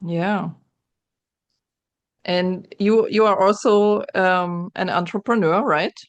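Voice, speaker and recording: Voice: medium pitch, slow pace, no echo, dull audio. A podcast host asks interview questions in a hesitant way, with many fillers and restarts.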